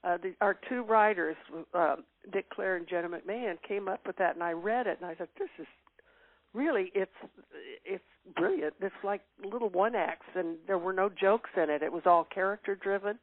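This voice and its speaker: A woman's voice: mid-range voice, moderate pace, dry recording. An older woman as an interview guest, reminiscing in casual chat with frequent fillers and laughs. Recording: tinny phone-line sound.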